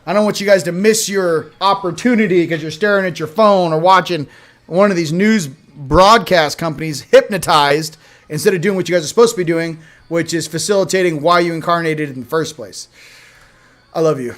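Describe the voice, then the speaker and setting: A man hosting a casual livestream, chatting loosely, shouting out viewers and showing products. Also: a little high, moderate pace. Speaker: host.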